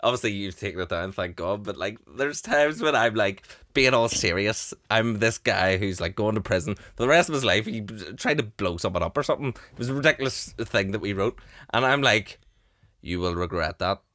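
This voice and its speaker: A man's voice: on the low side, lively intonation, brisk, bright, forceful tone. A young man in his twenties hosting a podcast, chatting casually, laughing often and acting out what others said. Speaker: podcast host. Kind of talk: casual chat.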